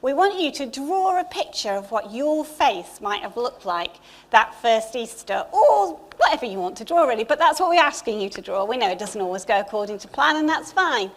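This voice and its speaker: A middle-aged English woman speaks from the front of a church, her voice sitting high. She preaches in a loose, conversational way, full of small asides and gentle humour. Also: sing-song, moderate pace. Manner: chatty and warm, with asides. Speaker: church leader. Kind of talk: informal Easter sermon. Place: church hall.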